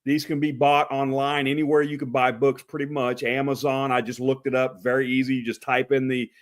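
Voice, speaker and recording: A man with an East Texas drawl hosts a casual live chat show. His voice sits in an ordinary middle pitch, and he rambles along with plenty of uhs and restarts. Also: little pitch movement, a little fast. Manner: rambling, many fillers and restarts. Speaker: host.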